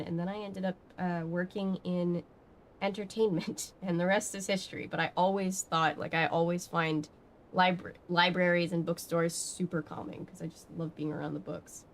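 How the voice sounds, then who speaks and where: A woman with a slightly low voice talks casually on a livestream from her home setup. She rambles a little, filling pauses with "um" as she answers her chat. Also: slight background noise. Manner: chatty and rambling, answering chat with many fillers. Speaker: streamer. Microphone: webcam setup.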